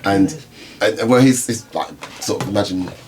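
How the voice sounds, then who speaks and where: A man's voice: lowish voice, normal speed, a little mellow, slight background noise. A man co-hosting a podcast in casual chat, rambling with laughing asides. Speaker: podcast co-host.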